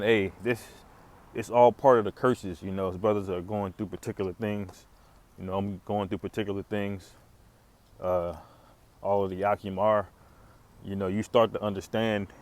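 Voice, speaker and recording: A man's voice: on the low side, darkish tone. A man hosting a casual religious commentary video, rambling with many fillers and restarts and chuckling now and then. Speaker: commentary channel host.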